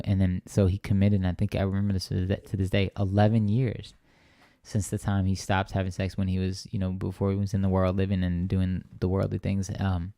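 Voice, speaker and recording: A man's voice: low-pitched, creaky, dark tone, no room sound, studio quality. A young man telling a personal faith story as an interview guest, earnest and rambling, often checking in with "right?". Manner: earnest, rambling with many restarts and "right?" tags. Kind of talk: conversational testimony.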